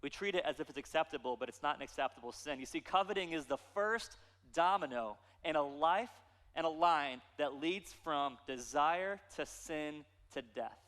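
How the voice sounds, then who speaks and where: Animated pastor in a reverberant church. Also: male voice, on the high side, moderate pace. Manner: animated storytelling with playful asides. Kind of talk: sermon.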